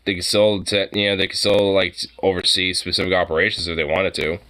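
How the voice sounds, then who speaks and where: A man's voice: sits low, little pitch movement, fairly quick, bright, forceful tone. A young man streaming a reaction to a video, rambling and swearing constantly as he mocks what he sees. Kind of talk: profane reaction commentary.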